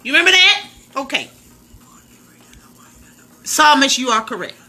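A woman hosting a casual livestream on her phone, loud and slangy, laughing and talking straight to her viewers. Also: high-pitched, expressive, measured pace. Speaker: livestream host.

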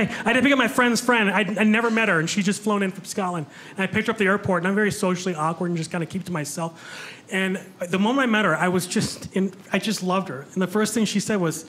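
A man's voice: high voice, fast, background noise. A young man doing stand-up comedy on a club stage, rambling and self-mocking, with frequent restarts. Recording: live stage mic with room ambience.

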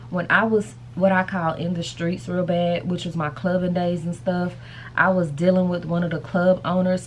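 Chatty low-voiced woman vlogging. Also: darkish tone, a little hiss or hum. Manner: chatty, rambling, addresses viewers as y'all and baby. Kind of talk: casual vlog talk to camera.

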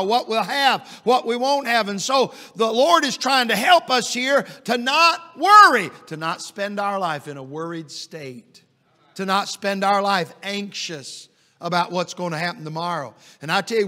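A middle-aged man preaching a sermon as an evangelist, telling folksy stories and rising to loud, emphatic peaks. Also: high-pitched, normal speed. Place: church sanctuary. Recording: long church reverb.

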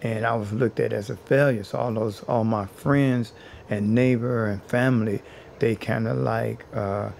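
A man's voice: lowish voice, fairly even intonation, measured pace, creaky, darkish tone, a little hiss or hum. A man being interviewed as a housing activist, telling his story in an earnest way and building his points by repeating phrases.

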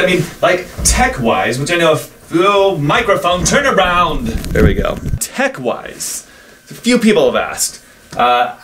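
Slight background noise sits under this man's mid-range, somewhat bright voice. He's recording an unscripted vlog on a desk mic in his home office in a woodland house, rambling, chatting, and cutting himself off as he shows off his things.

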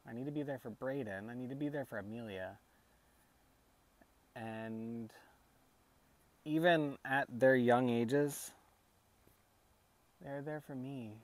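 Brief: man, 30s, vlogger and dad, slow halting grief talk, mid pitch. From United States. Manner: soft, halting, tearful speech with many restarts. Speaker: vlogger and father. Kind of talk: emotional personal vlog.

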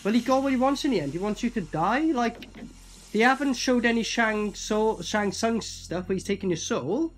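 A man's voice: high voice, moderate pace, faint music behind. A man with a British accent casually reacting to a horror film, swearing and laughing. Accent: British English. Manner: animated, swearing, laughing, repeats film lines. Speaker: movie reaction host.

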